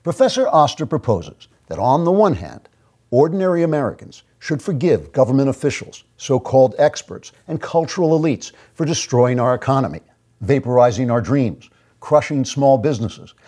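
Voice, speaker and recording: A man's voice: mid-range voice, expressive, normal speed, dark tone. A man hosting his own show, delivering a sarcastic, mock-grandiose commentary monologue. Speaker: host.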